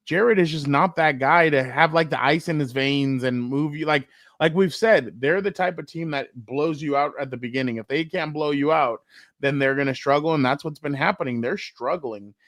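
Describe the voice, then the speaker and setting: A man co-hosting a casual sports talk show, telling stories with animated, profane banter and acting out quotes. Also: a little high, no room sound, clean studio sound. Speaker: co-host.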